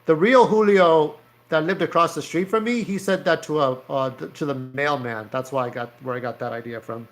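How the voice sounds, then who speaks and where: A man's voice: fairly high pitch, moderate pace. A man casually narrating his own comic strip, rambling and profane, with lots of fillers. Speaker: comic creator. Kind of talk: casual storytelling over his drawings.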